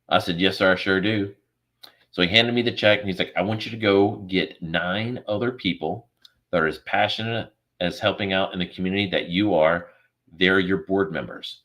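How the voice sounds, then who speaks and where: A man with a low, slightly bright voice appears as a podcast guest over video call. He tells an earnest, emotional story and acts out the dialogue, storytelling in a remote interview.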